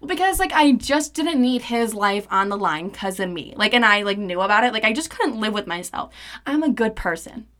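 A woman's voice: medium pitch, normal speed. Young woman telling a profane story. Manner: animated, profane, acts out quoted dialogue. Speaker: podcast host. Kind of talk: casual storytelling.

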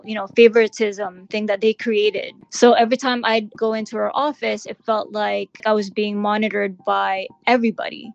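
Woman with a gravelly, higher voice. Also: dry recording, highs cut off. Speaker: interviewee, former employee. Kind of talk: interview testimony.

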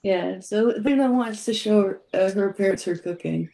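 A woman's voice: medium pitch, normal speed, gravelly, warm tone, rough recording. A woman playing a tabletop game, describing her character's actions briefly and matter-of-factly. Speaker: player. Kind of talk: casual tabletop play.

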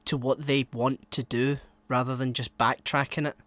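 A man's voice: mid-range voice, level tone, normal speed, no room sound. Rambling male podcast co-host. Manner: rambling, swings between mumbled asides and loud exclamations. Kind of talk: casual podcast chat.

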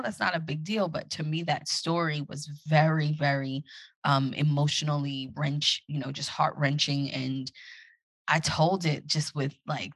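A woman's voice: low voice, breathy edge, no echo. A woman hosting a podcast alone, chatting casually and reflectively as she encourages her listeners. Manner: acts out her own excited inner voice. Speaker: podcast host. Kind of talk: casual solo podcast talk.

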